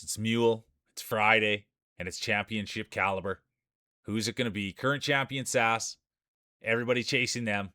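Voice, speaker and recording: A man's voice: on the low side, sharp tone, no room sound, clean studio sound. A man streaming live, calling marble races like a sports announcer, with chatty asides to his viewers. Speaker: streamer and race commentator. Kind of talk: live marble race commentary.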